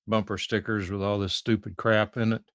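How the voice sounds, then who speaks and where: A radio panelist tosses in grumbling, offhand comments. His voice sits low for a man. The recording is dry. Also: level tone, moderate pace, no echo. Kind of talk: casual chat.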